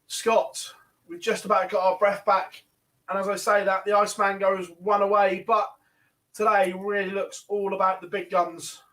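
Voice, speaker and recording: A man commentating live on online darts as host, in a brisk and chatty play-by-play way. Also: high-pitched, flat delivery, fairly bright tone, recorded from a distance.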